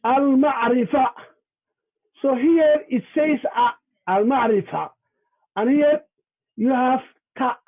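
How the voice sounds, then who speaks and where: A man teaches over a video call, and his voice sits very high for a man. He spells out sounds one by one, in a deliberate, patient way. The audio is thin and tinny, like a phone line. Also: fairly even intonation. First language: Somali. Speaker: Somali language and culture presenter.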